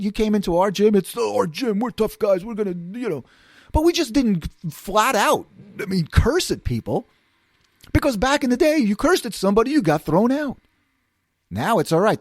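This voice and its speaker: Animated New York man telling stories. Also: sits high, fairly quick, no room sound, clean studio sound. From New York City area. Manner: animated, acts out quoted voices, laughs often. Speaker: podcast host. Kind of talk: casual storytelling monologue.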